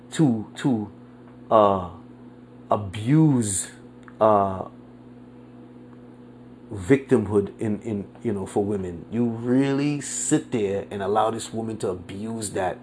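A man hosting his own podcast, delivering an angry, profane political rant, often repeating himself and answering his own points with "yeah", dropping to a mutter and then surging louder. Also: slight background noise. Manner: swings from muttering low to loud outbursts. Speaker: podcast host.

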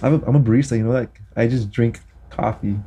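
A man's voice: medium pitch, fairly even intonation, fast talker, dark tone, a little hiss or hum. A man co-hosting a casual podcast chat, telling stories and swearing casually. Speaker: podcast co-host.

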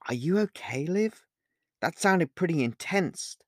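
A man's voice: on the high side, animated, unhurried, no echo, studio quality, voice pushed up. A man reading an audiobook, voicing a curious, outspoken young woman who asks frank, probing questions.

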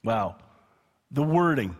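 A man preaching a sermon in a relaxed, conversational way, with quick asides and chuckles. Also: mid-range voice, breathy edge. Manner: conversational, chuckling, slows down to read scripture. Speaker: pastor. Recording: long hall reverb.

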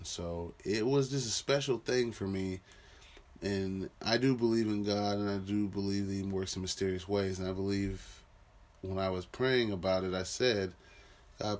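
Deep-voiced man telling a story. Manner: rambling, many fillers and restarts. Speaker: father telling a personal story. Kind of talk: casual personal storytelling.

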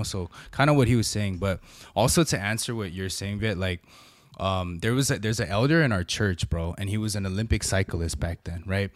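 A man's voice: fairly low pitch, fairly quick. A middle-aged man, a podcast guest and preacher, talking earnestly and casually, often adding "bro" and "right?". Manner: earnest and conversational, peppers speech with "bro" and "right?". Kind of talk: casual chat.

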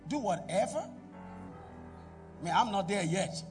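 A middle-aged man preaching a sermon in a church, calling out to the congregation and swinging between loud exhortation and quiet asides. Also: high-pitched, lively intonation, unhurried, recorded from a distance, over music. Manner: preaching with call-and-response to the congregation. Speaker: pastor.

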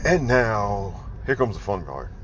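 Exasperated low-voiced man ranting. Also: sing-song, measured pace, fairly bright tone, slight background noise. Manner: exasperated, incredulous, repeats rhetorical questions. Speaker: livestream host. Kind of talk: casual ranting commentary.

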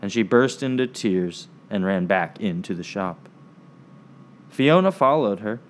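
A man narrating a storybook episode in an expressive, animated storytelling manner. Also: on the low side, unhurried, slight background noise.

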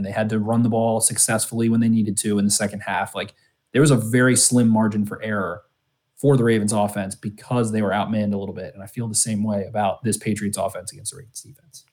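A man's voice: fairly low pitch, a little mellow. A man co-hosting a sports podcast, talking casually with lots of restarts and fillers. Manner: rambling, many restarts and fillers. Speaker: podcast co-host.

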